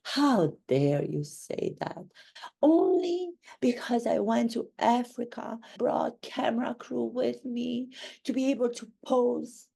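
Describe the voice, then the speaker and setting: A woman's voice: on the high side, creaky, mellow, slightly rough, full character voice. A woman playing a vain, indignant duchess. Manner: indignant, self-praising, dramatic pauses. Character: vain self-pitying duchess, defensive, theatrical. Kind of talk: satirical character monologue.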